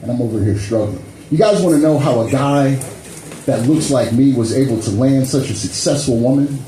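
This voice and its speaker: A man's voice: mid-range voice, fairly quick, warm tone, a little hiss or hum. A man doing a stand-up set with crowd work, loose and conversational, tagging lines with "you know" and "man". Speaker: stand-up comedian. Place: comedy club stage. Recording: echoey club room, faint ambience.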